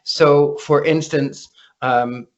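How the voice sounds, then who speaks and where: An animated man tells stories with a fairly high voice, stumbling and repeating himself as he gets going. He is a guest on a podcast. The audio is dull and lo-fi. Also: drawn-out words. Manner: animated, repeats words when starting sentences. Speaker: psychic guest. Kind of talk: casual storytelling interview.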